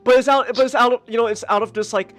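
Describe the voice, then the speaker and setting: A man's voice: very high voice, fairly even intonation, quick pace, a bit bright, soft background music. A man hosting a live podcast, chatting casually about a movie he liked, rambling with many restarts and fillers. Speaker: podcast host. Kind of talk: casual movie review chat.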